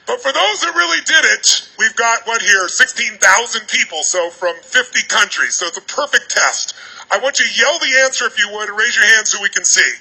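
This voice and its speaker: A man's voice: high-pitched, expressive, gravelly, bright, forceful tone, husky, rough recording. A man giving a seminar talk to a large arena crowd, firing commanding questions at them over a stage microphone. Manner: commanding, rapid-fire questions. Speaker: motivational speaker.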